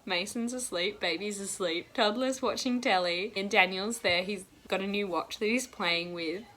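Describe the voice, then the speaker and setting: A young woman chats through her reading vlog with a bright, forward voice. She rambles and gushes, with emotion close to the surface. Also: mid-range voice, moderate pace. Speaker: book vlogger.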